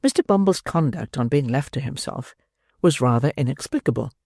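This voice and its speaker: An audiobook narrator reading a classic novel in a measured, expressive storytelling manner. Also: medium pitch, slightly rough, dry recording. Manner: measured, expressive storytelling with dry wry emphasis.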